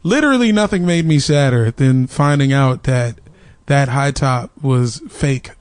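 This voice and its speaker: A man's voice: mid-range voice, measured pace, clean tone, no room sound. A male stand-up comedian in casual chat, laid-back and slangy.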